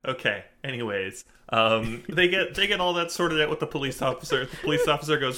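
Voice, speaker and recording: A man with a bright, forceful voice talks through a show's plot as a podcast co-host. His chat is casual and loose, full of fillers and restarts. He gets easily exasperated by his co-hosts' jokes. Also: mid-range voice, expressive, fairly quick, hardly any pauses. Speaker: podcast co-host recapping episodes.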